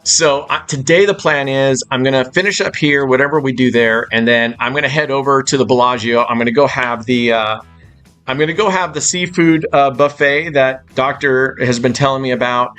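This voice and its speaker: A man's voice: medium pitch, moderate pace, a bit bright, clear, resonant tone, faint music behind. A man chatting loosely on a live stream from a hotel suite, swearing freely as he rambles. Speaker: casino live-stream host.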